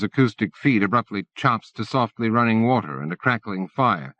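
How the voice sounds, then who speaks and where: A man with a fairly low voice reads an audiobook in a measured, even way. The recording is a dull, lo-fi cassette transfer, close and dry. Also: no echo. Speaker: audiobook narrator. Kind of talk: scripted audiobook narration.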